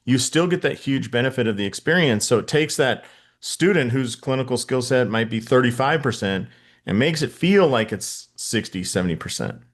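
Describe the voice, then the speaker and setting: A man's voice: mid-range voice, expressive, moderate pace. Guy hosting a podcast, chatty, lots of "like", asks would-you-rather stuff. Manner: casual, filler-heavy, posing hypotheticals. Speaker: podcast host. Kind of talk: conversational interview.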